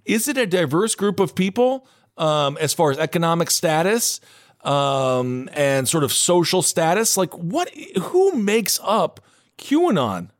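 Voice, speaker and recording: A man hosting a casual podcast, animated and playful in his banter. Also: on the high side, unhurried. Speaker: podcast host.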